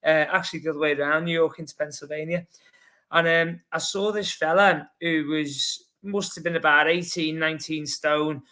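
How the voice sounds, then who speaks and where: A man with a Scouse accent, a podcast guest telling a rambling, lively story full of fillers. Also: fairly high pitch, moderate pace. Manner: lively, rambling, heavy with fillers like "you know". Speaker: podcast guest, long-distance runner. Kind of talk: casual anecdotal storytelling.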